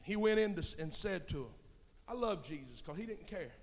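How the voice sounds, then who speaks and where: A middle-aged pastor preaches with a high-pitched voice that rings through a long, echoing church hall. He drops to near whispers, then builds to loud, impassioned shouts. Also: lively intonation, brisk. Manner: impassioned preaching, swinging from low murmurs to shouts. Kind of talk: sermon. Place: church sanctuary.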